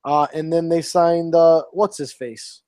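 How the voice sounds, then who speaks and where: A man's voice: on the high side, flat delivery, a little slow, a little mellow, no echo. A man co-hosting a football podcast in laid-back, slangy casual chat. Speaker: podcast co-host.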